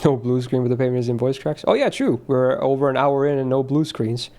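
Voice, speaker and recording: Male streamer, casual rambling chat, mid pitch, loose and sweary. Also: fairly quick, mellow. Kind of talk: casual chat while gaming.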